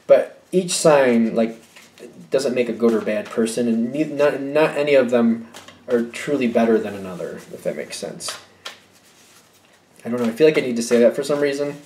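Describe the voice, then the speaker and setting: A man's voice: mid-range voice, normal speed, dark tone, slight background noise. Musing tarot-reading man in an echoey room. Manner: musing, hesitant, self-correcting, with light laughs. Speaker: tarot reader.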